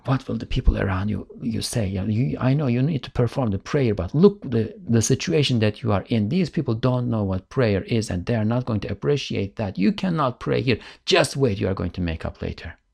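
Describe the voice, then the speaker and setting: Man doing the lower soul as tempter, wheedling and persuasive, gravelly, mid-pitched voice. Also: lively intonation, a little fast, few pauses, a little mellow. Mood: insistent.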